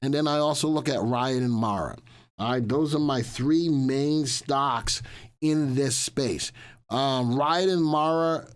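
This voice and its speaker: A man's voice: medium pitch, takes it slowly, smooth. Chatty man hosting a market show. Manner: chatty and repetitive, restating lines as he goes. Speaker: host of a stock market show. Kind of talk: casual livestream market commentary.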